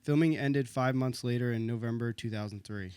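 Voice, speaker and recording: A man's voice: brisk, a little mellow, smooth, dry recording. A man co-hosting a film podcast, answering in short replies and reading out his research notes. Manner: low-key listener, short replies, reads research notes. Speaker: podcast co-host. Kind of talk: casual film-history chat.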